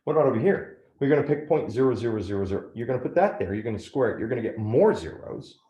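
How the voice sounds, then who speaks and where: Man, math teacher, walks through each step, animated delivery, roomy echo. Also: medium pitch, quick pace, lo-fi sound. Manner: step-by-step, asks frequent "right?" checks. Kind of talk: classroom lecture at a whiteboard.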